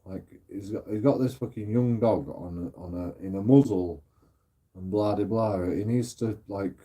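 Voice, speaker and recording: Middle-aged male streamer, mellow low voice, loose rambling delivery full of swearing. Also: normal speed. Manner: swears a lot, repeats himself, trails off. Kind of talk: rambling casual chat.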